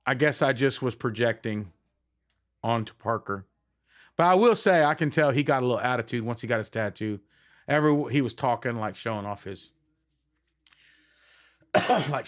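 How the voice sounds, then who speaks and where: A man's voice: medium pitch, moderate pace, long pauses. A middle-aged man and band frontman chatting casually and affectionately to viewers on a live stream, rambling with many fillers.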